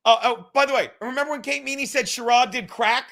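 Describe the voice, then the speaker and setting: High-voiced guy in his 30s ranting on his podcast from the couch, swearing a lot, all over the place, sharp bright tone. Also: fast, vocal fry. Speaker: podcast host. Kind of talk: profane livestream rant. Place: home, sitting on his couch.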